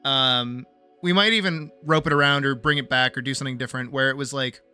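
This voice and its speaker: Sharp-toned streamer woman, animated and sweary. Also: a bass voice, brisk, clear, resonant tone, faint music behind. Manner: animated, swears freely, keeps asking "right?". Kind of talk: casual livestream chat about character writing.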